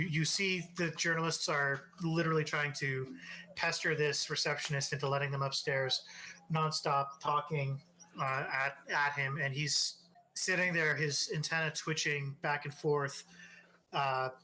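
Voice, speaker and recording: A man narrating as game master of a tabletop role-playing session, talking in halting bursts with many restarts. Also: on the high side, fairly even intonation, bright, forceful tone, slight background noise, poor audio.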